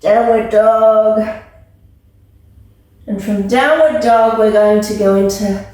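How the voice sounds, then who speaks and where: A woman leading a children's yoga class, giving gentle, playful, encouraging instructions. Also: mid-range voice, steady tone, slow pace. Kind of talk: guided kids yoga class. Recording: echoey room, mic far off.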